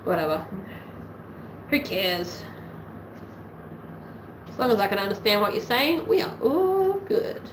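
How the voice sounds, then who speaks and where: A woman's voice: medium pitch, big pitch swings, a little slow, pauses often, noisy background. Chatty Australian woman thinking aloud. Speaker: sewing livestream host. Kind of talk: casual livestream chat while sewing. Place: home sewing room.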